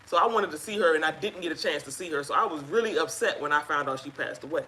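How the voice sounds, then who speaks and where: A woman sharing her own experience as a guest on a live chat, telling it in an emphatic, animated way. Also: sits low, fast talker, a little hiss or hum, poor audio. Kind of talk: casual live-stream chat.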